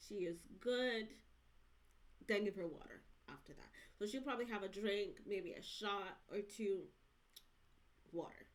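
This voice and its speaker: A woman's voice: medium pitch, a little slow, rough recording. A young woman vlogging, telling a casual, rambling story to camera with slangy asides.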